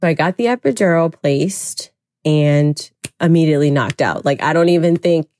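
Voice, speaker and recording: A woman's voice: sits low, normal speed, a little mellow, a little hiss or hum. A woman guest on a podcast, telling her own story in a candid, reflective way, with lots of "like" fillers. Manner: candid, reflective, heavy use of "like". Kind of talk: personal storytelling in a podcast interview.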